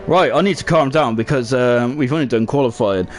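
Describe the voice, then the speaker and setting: A young man commentating a sim racing league live, excitable and chatty, reading out viewer messages. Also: medium pitch, brisk. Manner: excitable, shouts over laps then settles into chatty asides. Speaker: esports race commentator.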